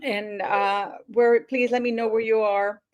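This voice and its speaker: Woman chatting on her livestream, kinda high voice, slow and unhurried, lots of ums. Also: flat delivery, highs cut off. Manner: chatty, greets viewers by place, many fillers. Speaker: livestream host. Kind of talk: casual livestream chat.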